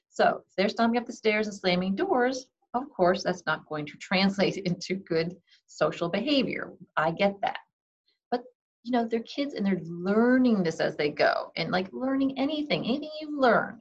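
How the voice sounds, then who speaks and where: A woman giving casual parenting advice in a conversational way, often saying "okay" and acting out what parents and kids say. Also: mid-range voice. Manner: conversational, frequent "okay", acts out parent and kid lines. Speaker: parenting advisor. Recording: dull lo-fi recording.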